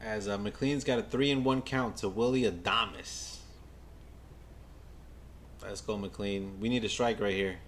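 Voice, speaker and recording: A man livestreaming a baseball game as a fan, giving casual play-by-play to his chat, stammering and repeating himself, then bursting out when a play excites him. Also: on the low side, measured pace, pauses often, slight background noise. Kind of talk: casual live game watch-along commentary.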